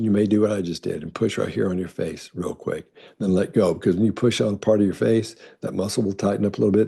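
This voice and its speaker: Low, husky man, casual rambling Q&A host explaining body language. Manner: rambling, conversational, lots of restarts and fillers; reads out questions in a brighter voice. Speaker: body language expert answering viewer questions.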